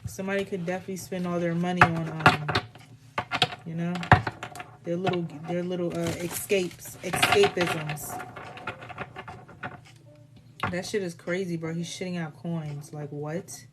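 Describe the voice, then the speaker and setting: A woman's voice: fairly low pitch, steady tone, unhurried, pauses often, very noisy. A woman doing a casual live tarot reading, talking in a blunt, rambling way full of swearing. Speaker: tarot reader.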